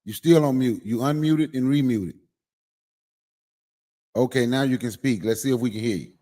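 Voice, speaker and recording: A man's voice: medium pitch, normal speed, dark tone. A man from Mississippi presenting history in a laid-back, casual way, with Southern vernacular. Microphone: online call.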